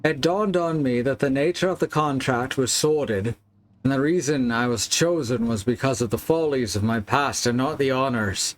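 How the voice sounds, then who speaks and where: A dying nobleman, read aloud by a man gives his confession. He speaks in a playful put-on accent at a middle pitch. A faint hum sits behind the voice. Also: moderate pace, close to an everyday voice. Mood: solemn. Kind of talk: reading a game letter aloud.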